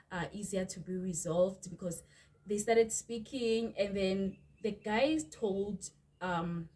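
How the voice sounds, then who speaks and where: South African woman vlogger, young, animated and exasperated, chatty storyteller talking straight to viewers. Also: mid-range voice. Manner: animated, exasperated retelling, addresses viewers as "you guys". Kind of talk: storytime vlog.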